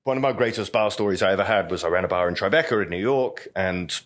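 A middle-aged veteran bartender tells stories in an interview, chatty and anecdotal and full of "you know." His low-pitched voice is a bit bright and moves at a quick pace.

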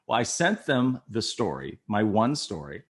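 Speaking unhurriedly in a lowish voice, this older former TV news photographer and reporter shares casual stories from his working life. He's animated and performs the characters he describes.

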